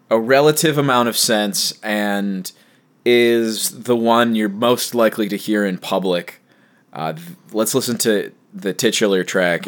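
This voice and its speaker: A man hosting a casual podcast discussion about albums, thoughtful and steering the talk. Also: fairly low pitch. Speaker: podcast host.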